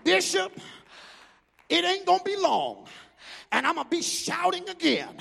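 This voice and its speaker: A man's voice: extremely high pitch, huge pitch swings, unhurried, gravelly, sharp tone, pitched above the performer's own voice, exaggerated voice. A male preacher voicing an elderly church woman, stubborn and joyful, speaking emphatically. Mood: defiant. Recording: echoey hall reverb.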